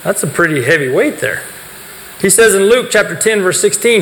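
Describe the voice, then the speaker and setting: A man teaching a youth group speaks at a moderate pace, his high, fairly bright voice carrying lively intonation. He explains ideas, questions the audience, and answers for them. Reverberation from the hall and faint background noise are present.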